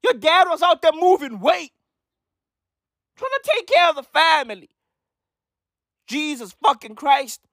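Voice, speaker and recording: A woman's voice: high voice, sing-song, measured pace, pauses often, fairly bright tone, no room sound, studio quality. A woman delivering a brash, slangy, profane comedy rant that keeps circling back to the same phrases. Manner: brash, slangy, repetitive, swearing.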